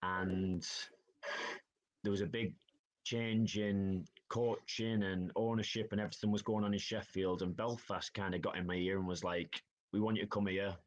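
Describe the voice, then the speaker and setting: Low-voiced man telling stories. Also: fairly even intonation, normal speed, dull audio. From Northeast England. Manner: chatty storytelling, says "aye" and "like". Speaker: ice hockey player guest. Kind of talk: casual podcast interview.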